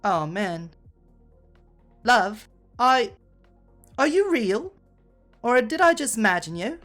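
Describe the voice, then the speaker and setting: A woman's voice: a little high, big pitch swings, slow, a bit bright, faint music behind, exaggerated voice. Woman putting on a chatty young Londoner. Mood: delighted. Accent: London, put on. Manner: chatty, calls people love.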